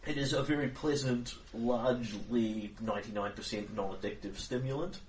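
A man's voice: mid-range voice, normal speed. A man running a tabletop game as game master, joking with players and explaining rules at length. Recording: roomy distant recording, faint hiss.

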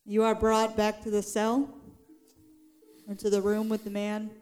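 A woman narrating a tabletop game as game master, lively and often laughing as she describes the scene. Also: medium pitch, unhurried, faint music behind.

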